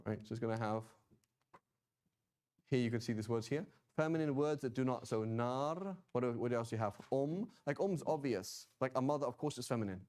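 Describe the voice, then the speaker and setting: This man teaches Quranic Arabic in a relaxed, talkative lecture, his mid-range voice animated, a little fast and somewhat dark in tone. He keeps asking "right?" and "okay?" and tosses in humorous side comments.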